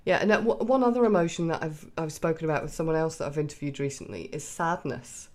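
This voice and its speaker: Low-voiced woman interviewer. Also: quick pace. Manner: affirming, frequent backchannel yeahs. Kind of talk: conversational interview.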